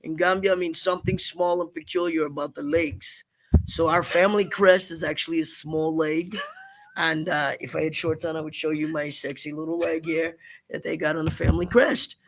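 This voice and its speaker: Middle-aged male comedian guest, gravelly, animated storyteller. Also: a little high, normal speed, a little hiss or hum. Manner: joking, animated, profane. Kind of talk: storytelling in a casual interview. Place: studio. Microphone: large studio microphone.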